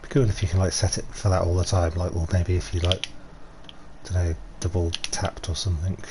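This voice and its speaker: A man's voice: sits low, flat delivery, brisk, very noisy. A middle-aged man streaming casually, chatty and rambling, who swears freely and laughs often. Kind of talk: casual livestream commentary.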